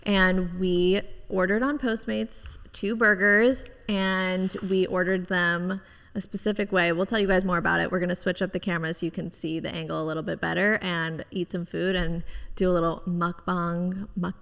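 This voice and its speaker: A woman's voice: fairly low pitch, fairly even intonation, normal speed, gravelly, a bit bright. A young woman hosting a podcast, chatting casually and enthusiastically with her guest. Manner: bubbly, enthusiastic, says "like" often. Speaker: podcast host. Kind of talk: casual interview chat. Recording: long reverb.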